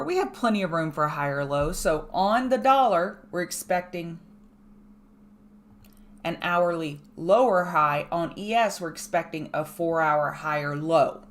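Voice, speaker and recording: A woman hosting a live trading show, walking viewers through charts in a brisk, emphatic way with chatty asides. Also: fairly low pitch. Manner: brisk, emphatic, repeats key points. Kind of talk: live market chart analysis.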